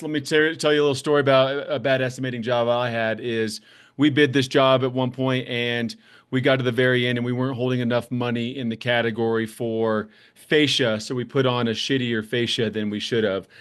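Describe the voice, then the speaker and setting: A man's voice: medium pitch, clear, resonant tone. Blunt plainspoken man giving contractor advice. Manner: blunt, plainspoken, storytelling with mild swearing. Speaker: construction business host. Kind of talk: casual advice talk to camera.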